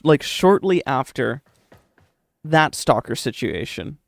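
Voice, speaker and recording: Sitting at a desk mic, a young man streams a game live, cracking jokes, swearing, and talking to his chat in a casual way. His voice is a little high and creaky, with a dry, clean studio sound.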